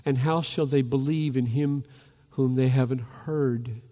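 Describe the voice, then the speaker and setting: A pastor preaching a fervent sermon, rising to loud calls as he urges his listeners. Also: mid-range voice, fairly even intonation, a little slow. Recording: long reverb of a large hall.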